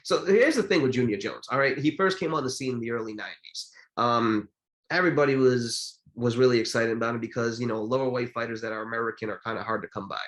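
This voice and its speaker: A man co-hosting a podcast, telling boxing stories in a casual, animated way with lots of fillers. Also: mid-range voice, fast talker, poor audio. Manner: animated storytelling with many fillers. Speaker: podcast co-host. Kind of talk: casual chat about boxing history.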